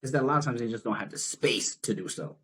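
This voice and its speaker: A man's voice: medium pitch, animated, quick pace, a bit bright, breathy edge. Male guest, social worker; earnest and emphatic, easygoing delivery, mid-range voice. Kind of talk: casual interview conversation.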